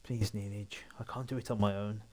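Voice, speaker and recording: A man's voice: fairly low pitch, steady tone, a little fast, dark tone, natural voice. A man voicing an eager, upbeat young farm girl in a video game, reading her lines aloud.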